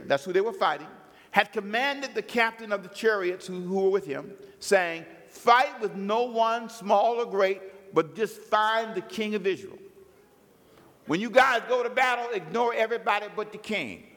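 Male preacher, high and bright, lively storytelling sermon in a reverberant hall. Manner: animated storytelling, acts out biblical characters.

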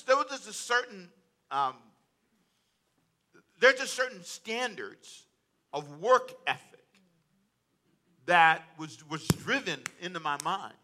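A man preaching a sermon in an animated way, acting out quotes and chuckling as he goes. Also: high-pitched. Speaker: pastor.

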